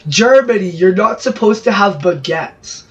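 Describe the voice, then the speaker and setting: A fairly high-voiced man from Brazil rambles through gameplay commentary, cracking jokes and cutting himself off mid-thought. His voice sounds a little distant and dull, as if from a low-fi mic, and faint music plays underneath. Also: expressive, unhurried. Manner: rambling, jokey, self-interrupting asides. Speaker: gaming channel host.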